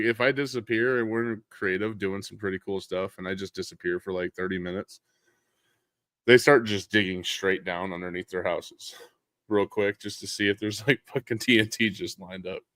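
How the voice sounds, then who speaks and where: A man's voice: fairly low pitch, moderate pace, no room sound, clean studio sound. A man hosting a casual podcast. He jokes around, laughs often and swears freely. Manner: loud bursts and laughter inside relaxed talk. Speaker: podcast host.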